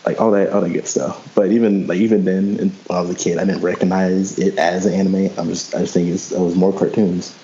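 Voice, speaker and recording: Low-voiced man, hesitant podcast guest. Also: flat delivery, a little fast, few pauses, mellow, slight background noise. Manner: hesitant, many restarts. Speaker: guest co-host. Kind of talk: casual podcast chat. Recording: dull lo-fi sound.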